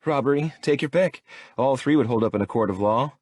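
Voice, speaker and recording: A fearless young rebel woman with a sharp, indignant tongue, as a male narrator raises his voice for her. Her voice is lifted well above the man's own low, husky tone, on a dry recording. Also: sing-song, moderate pace, dry recording.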